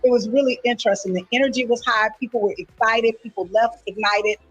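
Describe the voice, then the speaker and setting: A woman news reporter recaps the event in an earnest, steady way. Her voice sits a little high with a husky edge. She slips in an occasional filler. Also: brisk, lo-fi sound, faint music behind. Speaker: field reporter.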